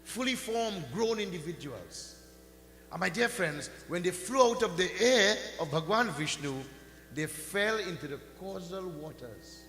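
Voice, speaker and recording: Slow, bright-voiced man preaching, lilt. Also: sits high, lively intonation. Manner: slow, rising and falling emphatic delivery, chanting mantras. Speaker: pundit giving a religious discourse. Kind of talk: sermon storytelling. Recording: echoey hall with faint hum.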